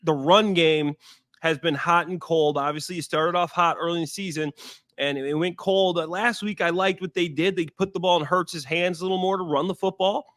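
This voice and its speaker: A guest who once played in the NFL, now a man in his thirties, talks through recent games casually, hammering points home by saying them twice. He has a fairly high male voice, recorded close and dry with no echo, and keeps a moderate pace.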